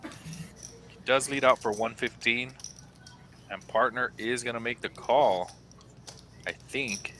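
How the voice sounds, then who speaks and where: A man calling a live poker game, giving measured, analytical play-by-play. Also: medium pitch, bright, forceful tone, slight background noise. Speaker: poker commentator.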